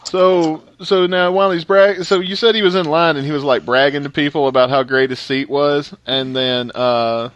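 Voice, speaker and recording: A man's voice: fairly high pitch, fairly even intonation, moderate pace, few pauses, fairly bright tone, clear, resonant tone, no echo, dull audio. A man co-hosting a casual chat, asking follow-up questions, laughing often and swearing casually.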